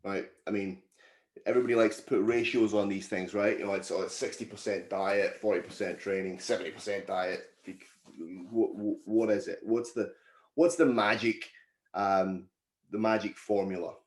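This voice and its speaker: A man's voice: fairly low pitch, steady tone, moderate pace. A man hosting a casual podcast, teasing and joking with his co-hosts. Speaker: podcast host. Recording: echoey room.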